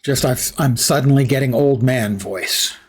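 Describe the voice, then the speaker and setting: A man with a husky, raspy voice, clearing his throat often, giving chatty live commentary while streaming a game. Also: medium pitch, unhurried.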